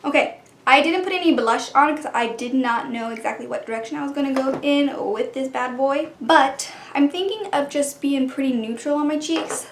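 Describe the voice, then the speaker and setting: Young female beauty vlogger, high voice, chatty step-by-step narration, roomy echo. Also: slight background noise. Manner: chatty, narrating each step, with whispered asides. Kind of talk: casual makeup tutorial chat. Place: home room.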